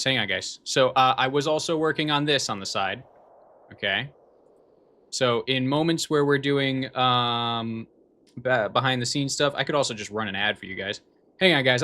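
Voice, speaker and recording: A man's voice: mid-range voice, sharp tone. A man livestreaming in casual chat, reading viewer comments aloud and answering them with dry jokes.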